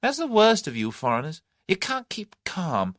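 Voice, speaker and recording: A man's voice: sits high, huge pitch swings, normal speed, a bit bright, dry recording, studio quality, voice pushed up, heavily acted. Man putting on a cocky young Englishman. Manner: airy, confident, mocking. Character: brash young Englishman, cool and cocky under threat.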